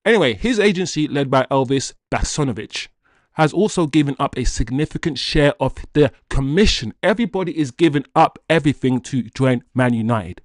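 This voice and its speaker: A man hosting a football fan channel, reading transfer news aloud and riffing on it in a jokey, animated way. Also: mid-range voice, a little fast, no echo, clean studio sound. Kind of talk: casual transfer-news commentary.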